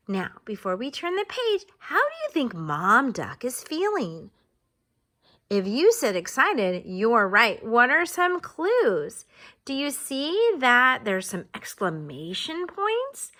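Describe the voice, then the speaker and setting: Slow, bright-voiced woman teacher. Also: medium pitch. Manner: encouraging, asks many questions. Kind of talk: reading a story aloud to children.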